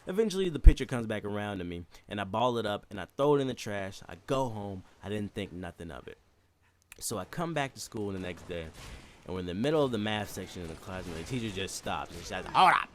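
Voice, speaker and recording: A man's voice: lowish voice, lively intonation, fast talker, a little mellow, slight background noise. A young man telling a comedic story in a casual, profane way, laughing often and mimicking voices.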